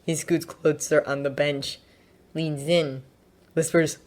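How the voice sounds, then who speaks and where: A woman narrating a fanfiction audiobook with an expressive, lively reading. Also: deep voice, takes it slowly. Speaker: fanfiction reader.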